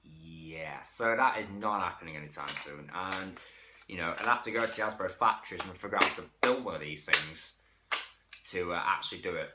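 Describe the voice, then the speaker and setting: A man's voice: deep voice, a little fast, heavy background noise. A man giving a casual, rambling toy review, often correcting himself mid-sentence. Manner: chatty, self-correcting, frank. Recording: echoey room.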